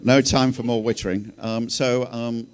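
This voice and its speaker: A man's voice: mid-range voice, steady tone, normal speed. A man speaking on a panel as a journalist, telling stories in a wry, rambling way full of fillers. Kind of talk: panel talk, storytelling.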